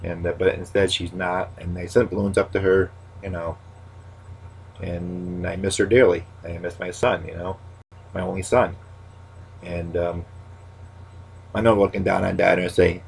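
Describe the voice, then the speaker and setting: Man in his 30s, low voice, gravelly, husky, rambling casual monologue, repeats his own catchphrases. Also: flat delivery, measured pace, pauses often. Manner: rambling, with many restarts and catchphrases; goes quiet and subdued when talking about loss. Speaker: stand-up comic. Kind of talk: casual talking-to-camera monologue.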